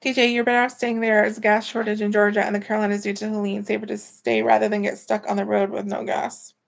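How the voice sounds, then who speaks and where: Chatty woman with a gravelly, creaky voice. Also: medium pitch, little pitch movement, quick pace. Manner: rambling and chatty, with many fillers. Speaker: live stream host. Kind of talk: casual live stream chat, reading viewer comments. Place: at home, indoors.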